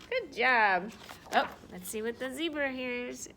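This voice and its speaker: A high, lively woman's voice reads a picture book to young children at a slow, unhurried pace. She talks in a sing-song, animated way and drops to whispers now and then. A faint noise sits under the recording. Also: vocal fry. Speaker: teacher.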